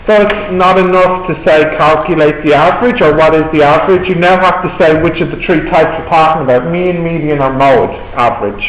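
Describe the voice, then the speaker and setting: A man's voice: on the high side, fairly quick, few pauses. A male maths tutor with an Irish accent, patiently explaining step by step to a class. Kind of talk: classroom teaching. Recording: echoey classroom, faint background noise.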